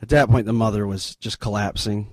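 A middle-aged man, a missionary guest in an interview, retelling a story in an earnest, halting, sombre way. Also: fairly low pitch, steady tone, no room sound.

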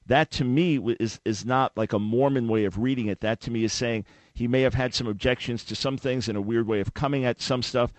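A man hosting a radio debate with a caller, talking fast and often restarting his words as he jumps in. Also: medium pitch, no echo. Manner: interjecting, repeats words when starting a thought. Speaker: radio show host.

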